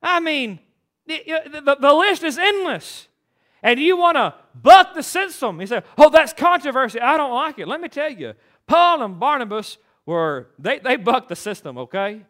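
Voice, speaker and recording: A man's voice: extremely high pitch, very animated, unhurried, bright, forceful tone. A man preaching a sermon as pastor, emphatic and preachy, with stammered restarts.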